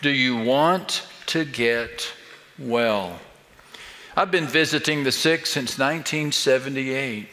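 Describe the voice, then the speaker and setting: An older man delivers a sermon in a bright, forceful voice, driving home his point with pointed rhetorical questions. His slow, deliberate preaching rings out with a long reverb, as in a large church sanctuary. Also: medium pitch. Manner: emphatic, building rhetorical questions. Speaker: pastor.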